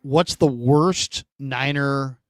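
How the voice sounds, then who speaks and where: A man hosting a casual sports talk show, telling stories in an animated, emphatic way. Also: medium pitch, drawn-out words, no echo, studio quality.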